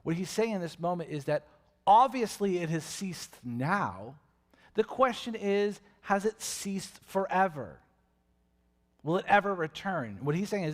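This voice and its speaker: Male pastor, mid-high voice, animated sermon delivery, long church-hall reverb. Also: measured pace. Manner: animated, acts out voices and questions with big swings in loudness. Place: church sanctuary.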